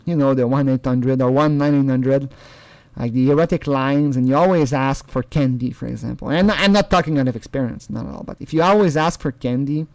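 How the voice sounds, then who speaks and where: A man's voice: medium pitch, brisk, a little mellow, dry recording. A man hosting his own channel, talking casually over a recorded call. He rambles, repeats words and imitates other people's tones of voice. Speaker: channel host.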